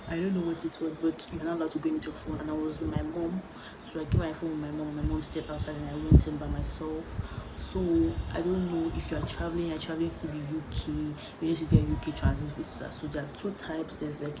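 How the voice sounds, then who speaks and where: A woman's voice: low voice, level tone, fairly quick. A young woman vlogger from Nigeria, chatting casually and rambling as she talks to the camera. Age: young adult. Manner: chatty, rambling, laid-back. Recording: noticeable background noise.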